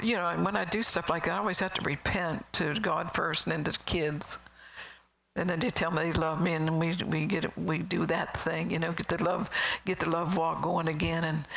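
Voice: mid-range voice, creaky, a bit bright, low-quality recording. A middle-aged preacher giving a sermon in a rambling, conversational way, with chuckling asides and whispered emphasis.

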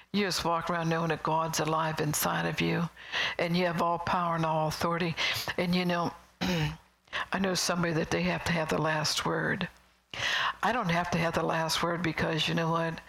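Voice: medium pitch, creaky, fairly bright tone, low-quality recording. A middle-aged preacher giving a sermon in a rambling, conversational way, with chuckling asides and whispered emphasis.

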